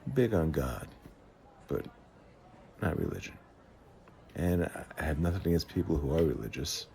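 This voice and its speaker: A man, telling stories from his life in an unhurried, conversational way with frequent hesitations and restarts. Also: a bass voice, sing-song, gravelly, warm tone, a little hiss or hum. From the Bronx, New York. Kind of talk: reflective personal storytelling. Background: faint guitar music.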